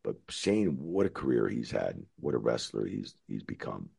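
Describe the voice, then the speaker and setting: Middle-aged American guest, very deep husky voice, animated storyteller who acts out quotes. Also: male voice, moderate pace. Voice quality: very deep gravelly voice. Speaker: former wrestling referee, guest. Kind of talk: storytelling interview answer.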